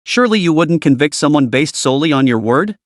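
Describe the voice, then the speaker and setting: A man voicing a calm, nonchalant young male student in a story recap, probing and steady. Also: fairly high pitch, fast talker, no room sound, studio quality, close to an everyday voice.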